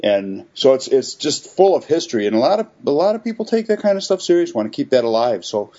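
Easygoing podcast guy, dark mellow voice, kinda wry, muffled lo-fi audio. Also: medium pitch, big pitch swings, quick pace. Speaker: podcast co-host. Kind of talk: casual chat.

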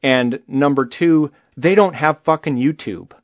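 A man's voice: a little high, unhurried, dry recording, muffled recording. A man co-hosting a podcast, talking casually and bluntly, cursing freely. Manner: blunt, animated, swears freely. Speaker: podcast co-host. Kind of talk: casual political chat.

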